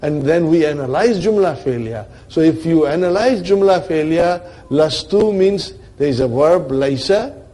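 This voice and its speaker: A man's voice: on the high side, lively intonation, moderate pace, dark tone. A man teaching a grammar class, explaining step by step with rhetorical questions and often checking that his students are following him. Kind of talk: classroom lecture.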